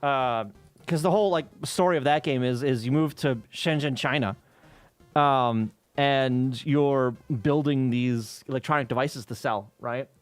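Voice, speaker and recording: A man with a mid-range voice live-streams a little slowly while reverse engineering game code, with faint music behind the dry recording. He chats casually and rambles, swearing often, laughing, and restarting his sentences.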